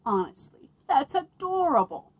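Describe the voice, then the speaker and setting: A woman working as a children's librarian, reading picture books aloud to children with expressive delivery and playful asides. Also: high voice, a little slow, a little hiss or hum, rough recording.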